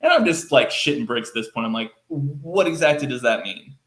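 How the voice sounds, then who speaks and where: A man from Texas, a podcast guest, telling a story in a casual, animated way, acting out quoted lines with lots of fillers. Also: medium pitch, a little fast, a little hiss or hum. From Texas, United States. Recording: roomy echo.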